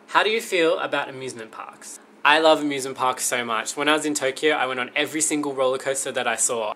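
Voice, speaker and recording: A young man in his twenties runs through a casual question-and-answer vlog, dropping wry jokes as he goes. His voice is bright and clear, with a faint bit of room ambience underneath. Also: mid-range voice, a little hiss or hum. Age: 20s. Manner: wry, joking. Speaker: vlogger.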